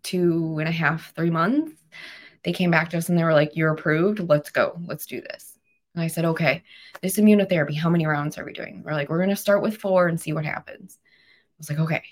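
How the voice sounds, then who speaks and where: A woman in her thirties, a podcast guest, telling a personal story in an earnest, emotional way. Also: deep voice. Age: 30s. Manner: emotional, earnest, animated retelling.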